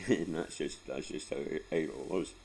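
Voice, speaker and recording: A very deep-voiced Scottish man in his forties, gravelly and dark in tone, rambles through a sweary life story with frequent laughs. Soft background noise sits under his voice. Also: normal speed, low-quality recording. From Scotland. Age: 40s. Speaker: vlogger. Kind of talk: casual storytelling.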